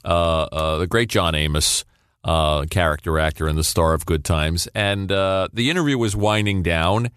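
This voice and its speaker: A man co-hosting a podcast, introducing clips in a relaxed, chatty way. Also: deep voice, normal speed, clear, resonant tone, dry recording, clean studio sound. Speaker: podcast co-host.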